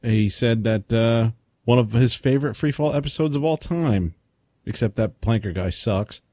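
A man's voice: mid-range voice, moderate pace, darkish tone, dry recording, clean studio sound. A man co-hosting a casual podcast, reading out listener comments and joking with laughs. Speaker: podcast co-host.

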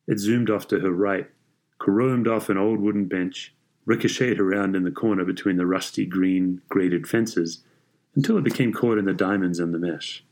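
A man reading a story aloud in a measured, even way. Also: low voice. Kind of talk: scripted story narration.

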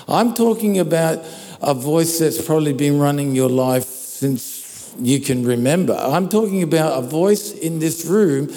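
A man preaching a sermon in a church, speaking into a microphone in a relaxed, conversational way and often checking in with his listeners. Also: on the high side, unhurried. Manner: conversational, checks in with "all right?". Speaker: pastor. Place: church hall. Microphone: handheld or stand microphone. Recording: long reverb of a large hall.

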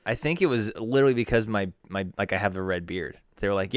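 A man's voice: on the low side, fast. A man co-hosting a casual podcast chat, joking, swearing and telling stories, feeling unwell.

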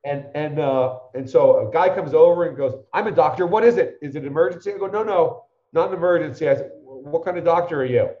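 A man's voice: a little high, fast, hardly any pauses, roomy sound, highs cut off. Rambling storyteller man in his fifties. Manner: rambling anecdotes, acts out the people he quotes. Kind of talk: conversational storytelling.

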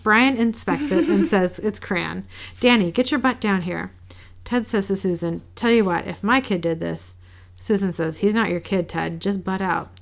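Woman with a gravelly, low-key recap voice. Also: normal speed, few pauses. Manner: reads quoted lines in a flat, low-key way with small laughs. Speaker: podcast co-host recapping an episode. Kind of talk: casual recap, reading dialogue aloud.

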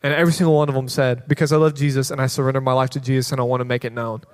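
A man speaking as a children's pastor in a church, telling lively stories with quoted kids' voices and bursts of laughter. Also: mid-range voice, very fast, a little hiss or hum. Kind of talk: sermon testimony. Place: church sanctuary. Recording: long hall reverb.

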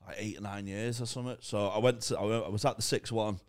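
A man's voice: lowish voice, steady tone, fast. A man chatting in a laid-back, mumbling way on a comedy podcast. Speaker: podcast host. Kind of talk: casual podcast chat.

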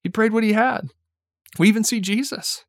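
Young man, preacher, casual sermon, chatty, light chuckles, higher voice, dry close sound. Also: normal speed, dry recording. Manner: conversational, peppered with "like" and "right?"; chuckles lightly while speaking.

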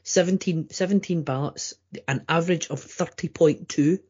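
Husky stammering man on a podcast. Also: on the high side, normal speed, a little mellow. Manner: stammering, many restarts. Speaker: podcast co-host. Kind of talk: casual podcast chat. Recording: dull lo-fi audio.

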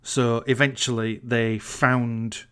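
A man tells a story in a casual podcast chat, getting more and more incredulous. His voice sits at a middling pitch, and he swears freely as he rants. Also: level tone, slow, bright, forceful tone, smooth.

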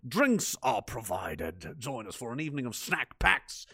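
A man's voice: mid-range voice, big pitch swings, bright, forceful tone, husky, no echo, studio quality, voice pushed down, heavily acted. A man hamming up a pompous mock-British herald. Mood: grandiose. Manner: deliberately ridiculous, grandiose. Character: pompous male butler-type herald reading an invitation.

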